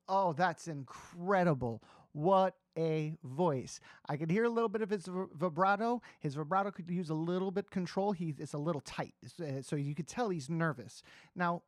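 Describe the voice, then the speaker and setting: A man's voice: sits high, no echo, clean studio sound. A man reacting to a singing performance as a singing coach, giving candid, analytical commentary that turns blunt and profane.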